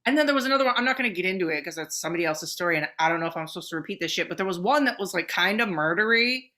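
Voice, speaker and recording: Bright-voiced chatty woman. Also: fairly low pitch. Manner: swears freely, fast excited storytelling with many fillers. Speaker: podcast co-host. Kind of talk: casual chat.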